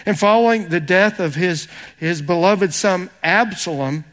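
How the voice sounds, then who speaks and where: A middle-aged pastor gives a sermon in a high, earnest voice. He moves between personal stories and slow readings of scripture, and drops softer at times.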